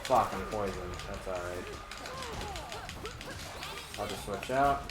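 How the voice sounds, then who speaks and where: A man's voice: lowish voice, slow pace. Laid-back man chatting over a game. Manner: laid-back, offhand, casual swearing. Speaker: co-op player. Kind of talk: casual co-op gameplay commentary. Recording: echoey room, faint game music.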